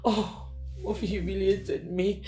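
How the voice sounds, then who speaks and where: A woman's voice: medium pitch, fairly even intonation, slow pace, warm tone, natural voice. An actress playing a distraught, despairing pregnant young woman in a film drama, with a Nigerian English accent. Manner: despairing, tearful. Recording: film soundtrack with music.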